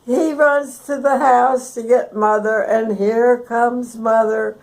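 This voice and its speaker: A woman's voice: a little high, fairly even intonation, slow pace, a little mellow, rough recording. A woman, telling a childhood story for an oral history recording in a folksy, chuckling way. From Texas.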